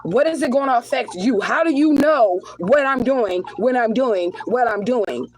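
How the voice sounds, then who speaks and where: A woman's voice: a little high, expressive, moderate pace, slight background noise, poor audio. A woman doing a live spiritual card reading who speaks bluntly and with heavy profanity. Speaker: spiritual reader. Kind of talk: live tarot reading and rant.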